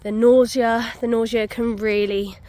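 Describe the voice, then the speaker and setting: A woman's voice: a little high, flat delivery, unhurried, mellow. A young woman, out of breath, chatting casually to camera on a muddy country walk with many ums. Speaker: vlogger. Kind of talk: casual walking vlog.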